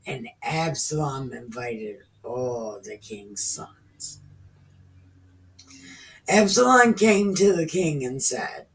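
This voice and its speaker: A woman in her thirties reading scripture at an unhurried pace and breaking in with crude, irreverent asides. She sounds set back from the microphone. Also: extremely low pitch. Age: 30s. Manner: irreverent, profane, slangy paraphrase. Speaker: reader. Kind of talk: casual scripture reading with commentary. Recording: distant from the mic.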